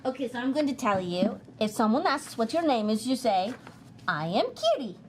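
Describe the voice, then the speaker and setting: A woman's voice: fairly high pitch, lively intonation, a little fast, very noisy. A woman playing a tabletop game, playfully coaching another character on what to say. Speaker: player.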